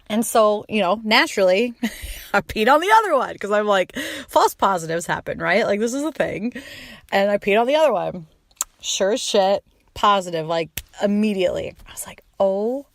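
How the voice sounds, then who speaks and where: A woman's voice: mid-range voice, lively intonation, normal speed, dry recording. A woman in her thirties hosting a podcast, telling a personal story in a casual, chatty way, full of "like" fillers and swearing, and acting out her own quoted lines. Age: 30s. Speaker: podcast host.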